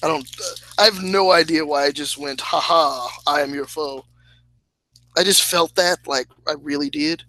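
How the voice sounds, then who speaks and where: A man narrating as game master of a tabletop game, speaking slowly with hesitant fillers and laughing at his own slips. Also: a little high, sharp tone, low-quality recording. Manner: slow, hesitant, laughs at himself.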